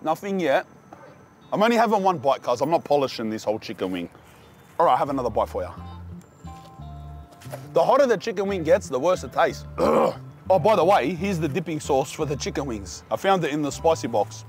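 Young aussie vlogger bloke, high-pitched, slangy and hyped, reviewing truck food outside, faint music under. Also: male voice, a little fast. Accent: Australian. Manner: excited slangy banter, calls the viewer cuz and bro. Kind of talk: casual food review vlog. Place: outdoors at street food trucks.

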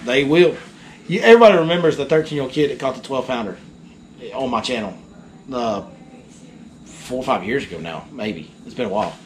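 A fishing guide telling a story in casual chat, animated and acting out the people in it. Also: male voice, mid-range voice, a little fast, pauses often, slight background noise.

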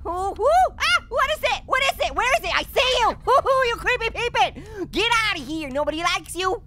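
Squeaky, sharp cartoon orange, very high and bouncy, a punning let's-play host who yelps at scares. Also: male voice, very animated, moderate pace, a little hiss or hum, exaggerated voice. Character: hyper, wisecracking male talking orange. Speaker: gaming host. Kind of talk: comedic let's-play commentary.

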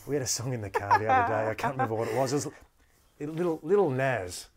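In a very noisy recording, a man with a mid-range voice talks rapid-fire, his pitch swinging hugely. He's a podcast host in a casual interview, spinning chatty stories into the mic with frequent restarts and easy laughter.

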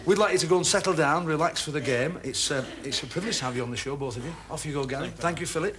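A man hosting a television game show, teasing contestants with quick, chirpy quips in a studio. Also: a little high. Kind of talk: jokey studio banter. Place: TV studio with live audience. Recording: old TV broadcast, audience laughter, hiss.

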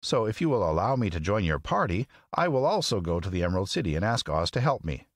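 A man voicing a polite, grateful tin man, speaking slowly and deliberately in a raised voice. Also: lowish voice, very animated, dry recording, studio quality. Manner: slow, raised, deliberate speech.

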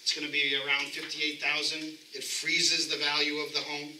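A man with a New York accent, a representative of the county assessor's office, giving a brisk, matter-of-fact presentation at a town hall meeting. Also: a little high, completely flat delivery, bright, forceful tone, a little hiss or hum. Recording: echoey room, mic from a distance.

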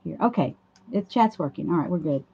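A hoarse woman hosts a casual craft livestream, chatting through each step as she works at a home craft table. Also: fairly low pitch, lively intonation, fairly quick, dark tone. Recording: dull lo-fi livestream audio.

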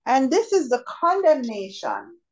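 Lively Jamaican woman reading scripture. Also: high-pitched, measured pace. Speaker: scripture reader in Bible class. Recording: dull lo-fi sound.

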